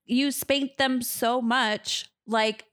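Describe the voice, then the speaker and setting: A woman's voice: a little high, fairly even intonation, drawn-out words, a bit bright. A woman co-hosting a podcast, talking in a laid-back way, with casual swearing and lots of "like". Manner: laid-back, profane, filler-heavy talk. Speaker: podcast co-host. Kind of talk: casual chat.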